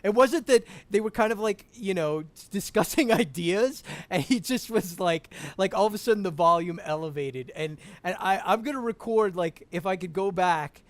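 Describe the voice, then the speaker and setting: A man chatting as a podcast guest over a call, animated, laughing often and restarting his sentences. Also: sits high, moderate pace, hardly any pauses, no echo. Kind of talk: casual podcast chat.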